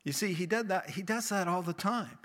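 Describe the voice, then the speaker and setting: A male pastor preaching with a high, bright voice. He talks in a plain, conversational way and brings each scene to life by acting out the voices in it. His delivery is lively and animated. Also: brisk. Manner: animated, acts out the quotes he tells. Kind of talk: sermon.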